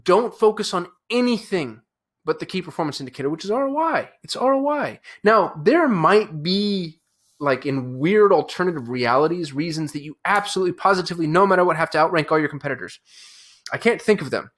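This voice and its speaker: A man's voice: high voice, animated, a little fast, fairly bright tone. A man who hosts his own channel, talking to camera in a fired-up, emphatic way with frequent restarts and fillers. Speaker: agency owner and channel host. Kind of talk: fired-up casual talk to camera.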